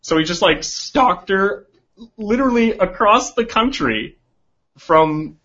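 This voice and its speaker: A man's voice: high-pitched, animated, slow, a bit bright, slightly rough, highs cut off. A man co-hosting a casual comedic podcast, animatedly retelling and acting out movie scenes. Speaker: podcast co-host.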